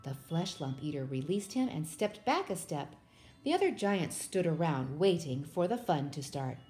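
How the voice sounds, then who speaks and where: A woman reading a children's book aloud in a steady, expressive way. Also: low-pitched, normal speed, faint music behind. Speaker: storybook reader.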